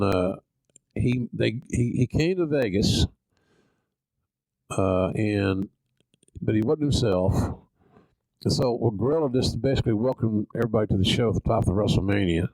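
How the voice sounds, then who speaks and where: Older Southern man from Oklahoma, low gravelly voice, dry close sound, podcast storyteller. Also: a little mellow, dry recording, low-quality recording. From Oklahoma, USA. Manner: folksy, salty, self-deprecating. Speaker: podcast host. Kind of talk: casual storytelling.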